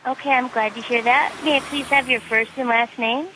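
A woman's voice: fairly high pitch, steady tone, a little fast, a bit bright. A woman working as a roadside assistance agent, taking a call in a polite, formal, patient way. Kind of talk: scripted customer service call. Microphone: phone. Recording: noisy phone line.

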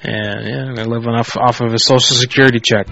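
A man's voice: mid-range voice, flat delivery, a little fast, gravelly, lo-fi sound, over music. A male radio host chatting offhandedly with crude jokes. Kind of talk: casual radio banter.

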